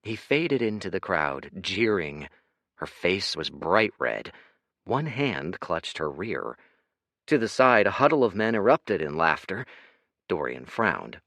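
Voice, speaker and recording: A man narrating an audiobook in an expressive, dramatic reading. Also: sits low, slow pace, no room sound.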